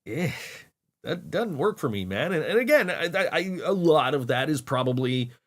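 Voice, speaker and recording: Podcast host, male, from Niagara Falls; rambling exasperated rants, animated pitch. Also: moderate pace. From Niagara Falls, New York. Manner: rambling, exasperated ranting with many fillers. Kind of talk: casual solo podcast chat.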